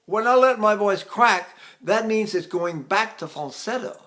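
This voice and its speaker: An older man, a voice teacher, explaining singing technique with halting restarts and sung demonstrations. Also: sits high, sharp tone.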